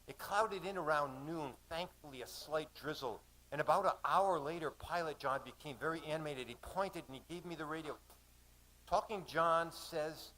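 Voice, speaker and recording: A man poet performing a spoken-word story in a measured, vivid recitation at a live reading in a cafe. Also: a little high, bright, forceful tone, rough recording.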